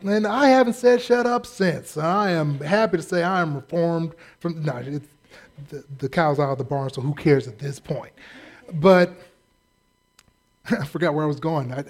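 High-voiced man preaching a humorous sermon. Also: moderate pace. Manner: humorous, acts out quoted voices. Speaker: pastor.

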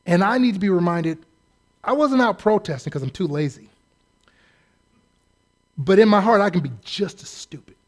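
A man with a fairly high voice preaching a sermon. He talks loosely and conversationally, swings between quiet asides and loud bursts, and slips into quick mimicked voices to make his point. His tone is animated and jokey, but the delivery is still that of a pulpit message. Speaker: pastor.

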